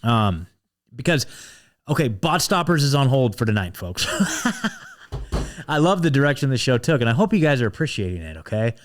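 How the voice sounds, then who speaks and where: Man, podcast host, fired up, swearing, restarts and fillers, mid-pitch voice. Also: very animated, moderate pace, pauses often. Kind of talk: animated monologue, pep talk.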